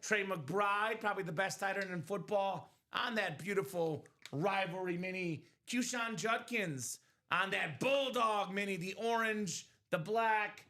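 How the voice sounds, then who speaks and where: A man hosting a live sports memorabilia break stream, hyping items with energetic, joking sales patter in a streaming studio. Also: sits high, unhurried. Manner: energetic hype, jokey, fillers. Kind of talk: upbeat sales patter and banter.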